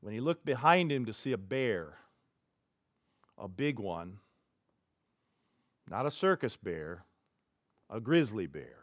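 A man preaching as a pastor, telling a story in an animated way with big swings in loudness. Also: lowish voice, takes it slowly, long pauses, no room sound, clean studio sound. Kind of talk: sermon storytelling. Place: church.

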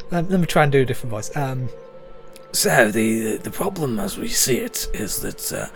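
A man's voice: mid-range voice, normal speed, faint music behind. A man running a tabletop game as game master, narrating with frequent laughter and small stumbles. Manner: laughing often, animated, with stumbles.

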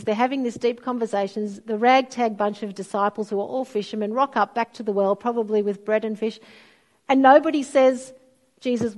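A middle-aged woman, preaching a sermon and telling stories expressively. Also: fairly high pitch. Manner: storytelling, expressive, acts out quoted voices.

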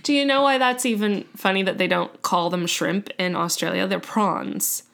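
A woman's voice: medium pitch, expressive, moderate pace, creaky, a bit bright, clean tone. A woman co-hosting a podcast, telling a long story in casual chat, chatty and full of fillers and self-corrections. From United States. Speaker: podcast co-host.

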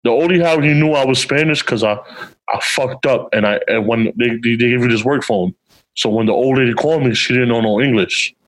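Man, podcast co-host, casual storytelling, street slang, mid pitch. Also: brisk, rough recording. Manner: animated, acts out quotes with big pitch jumps; streetwise slang, frequent "you know what I'm saying".

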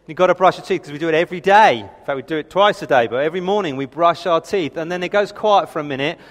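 A man's voice: on the high side, animated, fast talker. A man in his thirties preaching a sermon, telling family stories in a chatty, self-deprecating way. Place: church hall. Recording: reverberant hall.

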